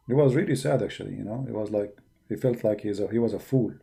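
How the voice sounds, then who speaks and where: A man's voice: mid-range voice, normal speed, gravelly, warm tone. Combative man with an Arabic accent. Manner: combative, mocking, emphatic. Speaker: religious debater. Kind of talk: polemical monologue.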